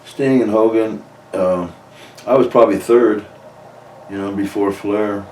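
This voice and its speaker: A deep-voiced man recounts an old backstage fight in blunt, profane detail and voices each side of the argument. He sounds a little far from the mic in an echoey room with a faint hiss underneath. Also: steady tone, measured pace, mellow. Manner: blunt, profane, retells arguments in quoted dialogue. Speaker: retired pro wrestler guest. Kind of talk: candid storytelling interview. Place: indoor room with a coffee maker.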